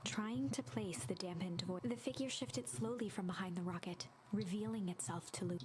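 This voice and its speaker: A woman narrating a game story in a calm, even storytelling manner. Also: medium pitch, moderate pace, crowd noise, lightly acted.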